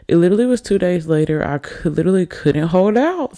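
A woman's voice: low voice, lively intonation, quick pace, few pauses, mellow. A young woman from Alabama, slightly tipsy, hosting a casual solo podcast and rambling chattily to her listeners. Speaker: podcast host. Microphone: desk microphone on camera.

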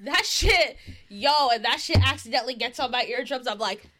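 High, bright, expressive young woman. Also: normal speed. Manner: playful, expressive, swears freely. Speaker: podcast co-host. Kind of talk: casual chat.

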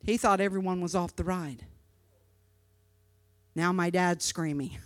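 A woman preacher telling a personal story in a sermon, impassioned, moving from hushed narration to shouting and often repeating words. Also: lowish voice, measured pace, long pauses, no room sound. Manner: repeats words when stirred.

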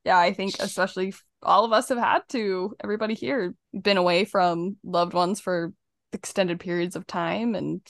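A young woman hosting a casual podcast chat, retelling stories in an animated way with quick laughs. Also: medium pitch, creaky, no room sound. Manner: animated storytelling, acting out quotes with frequent laughter. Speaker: podcast host.

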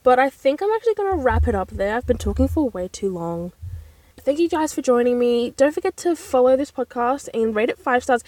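Young woman, rambling podcast host, higher voice, dry close sound. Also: fairly quick, no echo. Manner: rambling, chatty, animated exclamations. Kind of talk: casual solo podcast chat. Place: inside a parked car.

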